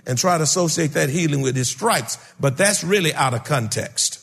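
A man preaching a sermon, calling out to his congregation and rising to shouts. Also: fairly high pitch, fairly quick, vocal fry, slightly rough. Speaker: pastor. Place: church sanctuary. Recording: long hall reverb.

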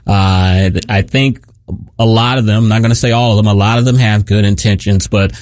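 A man co-hosting a political talk radio show, explaining his points at a measured pace with many fillers. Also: fairly low pitch, steady tone, darkish tone, no echo. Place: radio studio. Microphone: studio microphone.

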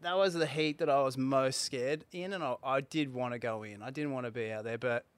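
Aussie ex-pro surfer, middle-aged, clear smooth tone, chatty, rambling, laughs often. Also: male voice, mid-range voice, a little fast, no echo. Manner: rambling, restarts, laughs mid-story. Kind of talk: casual storytelling chat.

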